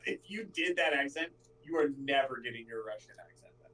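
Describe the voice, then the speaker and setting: A man's voice: medium pitch, fairly quick, a crowd in the background. A laid-back young man swapping stories with his gaming friends, cursing now and then. His voice sits in an ordinary middle range. He sounds set back from the microphone. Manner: laid-back, swearing, storytelling. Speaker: tabletop game player. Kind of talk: casual chat among friends. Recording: distant mic.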